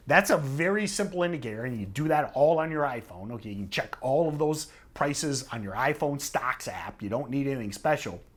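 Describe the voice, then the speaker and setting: A man's voice: mid-range voice, animated, fairly quick, few pauses. A middle-aged man giving a casual trading lesson, talking conversationally and often checking in with "okay?". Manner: conversational, repeats "okay?" for emphasis. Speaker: trading trainer. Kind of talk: casual instructional talk to camera.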